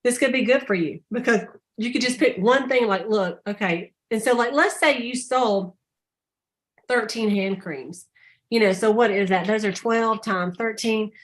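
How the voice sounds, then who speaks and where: A woman telling stories on a casual sales call, chatty and animated. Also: moderate pace. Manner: chatty storyteller, acts out quotes with high voices. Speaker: sales director.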